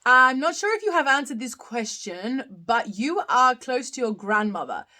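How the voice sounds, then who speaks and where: This Australian host in her thirties has a high, sharp-toned voice and a very animated manner at a moderate pace. During her casual live-stream Q&A she reads out viewers' comments and answers them, giggling often.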